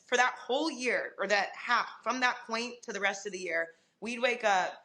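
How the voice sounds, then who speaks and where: A young adult woman, a sports reporter, telling animated stories as a podcast guest and laughing often. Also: a little high, moderate pace. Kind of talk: casual podcast conversation.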